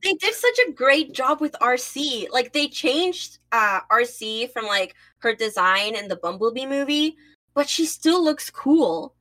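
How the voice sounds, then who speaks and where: Bright high-voiced woman, slow playful chat. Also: lively intonation. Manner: playful, dramatic outbursts, swearing. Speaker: podcast co-host. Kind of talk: casual fan chat.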